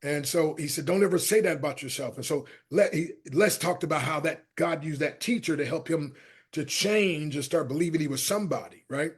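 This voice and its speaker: A man's voice: a little high, brisk, husky. A middle-aged man, a motivational speaker, telling personal stories as a guest in an interview, acting out the voices of the people he quotes. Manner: animated storyteller who acts out quoted voices and shifts loudness a lot. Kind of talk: storytelling interview talk.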